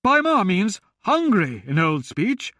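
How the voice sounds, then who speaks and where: A man's voice: high voice, very animated, takes it slowly, pushed and bright, dry recording, clean studio sound, pitched above the performer's own voice, full character voice. A man voicing an eager, bookish young monk in an audiobook. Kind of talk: audiobook character voice.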